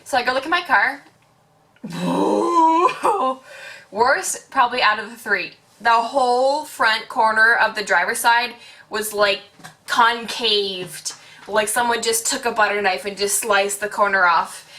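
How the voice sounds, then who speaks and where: Young woman from quebec ranting through a storytime, bright sharp voice, swears a lot. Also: fairly high pitch, normal speed. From Quebec, Canada. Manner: animated, chatty, swears freely, acts out quotes. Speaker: vlogger. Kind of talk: casual storytime.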